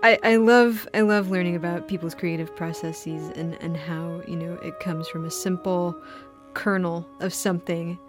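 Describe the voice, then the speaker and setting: A woman's voice: lowish voice, fairly even intonation, normal speed, music in the background. A woman hosting a podcast interview, enthusiastic and curious as she asks questions. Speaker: podcast host. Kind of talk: casual interview chat.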